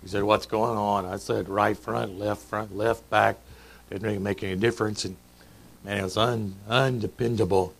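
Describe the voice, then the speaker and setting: A man's voice: lowish voice, steady tone, normal speed, vocal fry, poor audio. A middle-aged man preaching a sermon in a church, chatty and joking, quizzing the congregation. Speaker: pastor. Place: church sanctuary.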